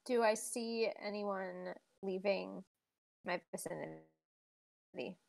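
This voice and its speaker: Brief: slow, gravelly woman, casual player. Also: medium pitch, a little mellow. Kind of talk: casual tabletop play.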